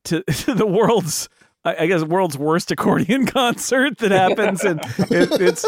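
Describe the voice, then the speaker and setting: A man's voice: high-pitched, unhurried, no echo. Rambling film-chat man, dry sound. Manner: rambling, animated, many restarts. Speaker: podcast co-host. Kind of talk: casual film discussion.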